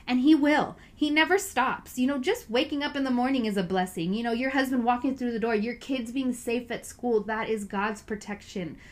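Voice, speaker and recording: Woman, casual Bible talk, earnest and chatty, a touch high-pitched. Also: moderate pace, few pauses. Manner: chatty, earnest, full of "you know" and "like". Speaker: Bible study speaker.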